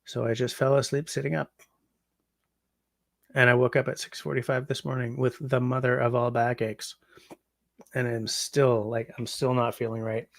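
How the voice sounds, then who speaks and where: A man from Canada in his forties hosts a casual livestream, tired and rambling, reading chat with plenty of ums. His mid-pitched voice has a gravelly grain. The sound is dry and close, with no room echo. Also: flat delivery, normal speed, pauses often. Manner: rambling, chatty, yawning, frequent ums.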